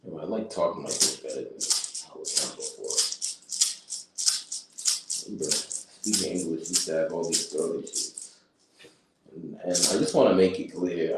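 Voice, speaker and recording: A low-pitched, expressive man streams at normal speed, thinking aloud and taking notes while rambling and breaking into chanted nonsense syllables. Loud music plays behind him, and the room is very echoey, with the mic far off and faint noise.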